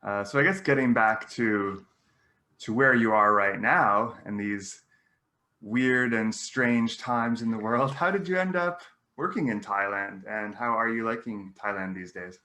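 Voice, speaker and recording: A man's voice: on the low side, expressive, measured pace, pushed and bright. A man hosting a podcast interview, easygoing and encouraging with his guest. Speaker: podcast host.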